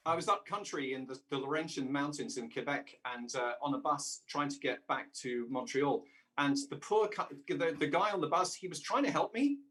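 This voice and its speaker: A man's voice: a little high, fairly bright tone. A man, a voice actor chatting as a guest in an interview and often restarting his sentences. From England. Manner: halting, many restarts and fillers. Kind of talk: casual interview chat.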